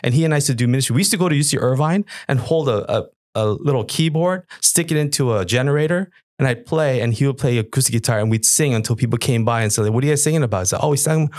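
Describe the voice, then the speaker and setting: Animated middle-aged man telling stories. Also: fast, hardly any pauses, dry recording, clean studio sound. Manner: animated, acts out past dialogue with lively pitch jumps. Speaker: guest, worship musician. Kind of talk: casual storytelling interview.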